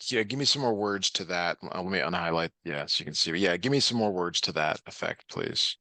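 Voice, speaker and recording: A man's voice: low voice, expressive, a little fast, pushed and bright, dry recording. A man tutoring a student online, patient and encouraging, with many fillers.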